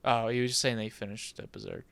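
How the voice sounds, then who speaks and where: A man's voice: fairly low pitch, steady tone, fast, gravelly, fairly bright tone, no echo. A young man co-hosting a casual podcast chat, teasing his friend, laughing often and swearing freely. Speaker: podcast co-host.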